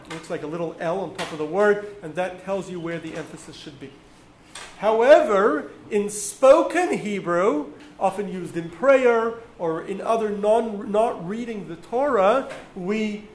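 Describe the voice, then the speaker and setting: A man with a fairly high voice explains step by step to a class, pausing often with ums. The sound rings around an echoey room with a faint hiss underneath. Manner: patient, explanatory with frequent ums. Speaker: teacher.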